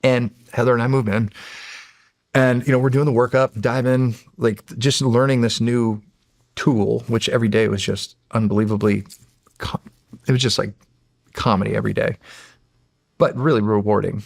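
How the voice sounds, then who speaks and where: A middle-aged man with a gravelly, rough-edged voice recounts old military stories on a podcast. He talks casually, swears freely and laughs often, and he acts out the other people in his stories. The sound is dry and close, with no room echo. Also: medium pitch, fairly even intonation, normal speed, long pauses. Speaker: podcast guest, former Navy SEAL. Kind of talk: casual storytelling.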